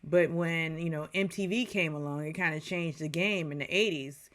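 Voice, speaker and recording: A woman's voice: low-pitched, moderate pace, fairly bright tone. A woman in her forties giving a casual, chatty movie review, full of digressions and playful asides.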